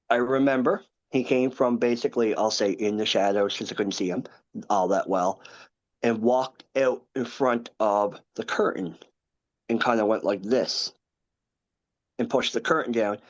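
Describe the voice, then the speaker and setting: A man in his thirties, a podcast guest, recounting a personal story in an earnest, halting way with many asides. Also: medium pitch, muffled recording. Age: 30s.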